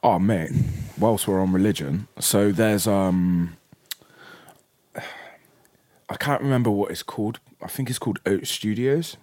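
A young man chatting casually and telling a story in a sweary, animated way. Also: on the low side, a little slow, long pauses, dry recording. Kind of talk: casual chat.

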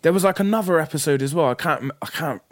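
A young man chatting casually and telling a story in a sweary, animated way. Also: on the high side, fast, no echo, clean studio sound. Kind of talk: casual chat.

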